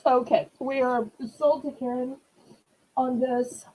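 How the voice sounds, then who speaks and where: A woman's voice: high voice, fairly even intonation, dark tone, low-quality recording. A woman from New Orleans, chatting with viewers while selling items in a live-stream auction. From New Orleans, USA. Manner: slow, sympathetic, chatty with viewers.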